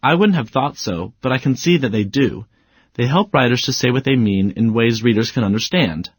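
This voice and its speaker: Male student voice for an educational video: playful, lively pitch, slightly husky, dry booth sound. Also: normal speed, no echo. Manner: playful, mock-exasperated. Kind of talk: scripted educational dialogue.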